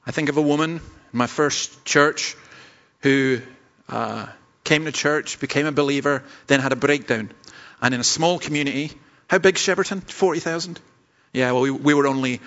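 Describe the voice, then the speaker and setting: A Scottish man delivers a sermon as a pastor, earnest and self-deprecating, sometimes tripping over his words as he restarts. His voice sits in an ordinary middle pitch. The recording is dull and slightly lo-fi. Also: fairly bright tone. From Scotland.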